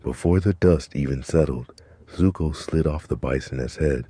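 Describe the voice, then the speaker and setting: A man giving scripted, measured narration of a dramatic story. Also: extremely low pitch, warm tone, slightly rough, no room sound.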